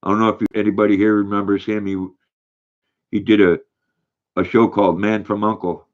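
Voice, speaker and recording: An older man hosts a casual livestream, rambling from one thought to the next. His voice sits low and a little dull, as if through a lo-fi mic. He halts and restarts often while reading comments aloud. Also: level tone. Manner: rambling, halting, reads viewer comments aloud. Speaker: livestream host reading chat.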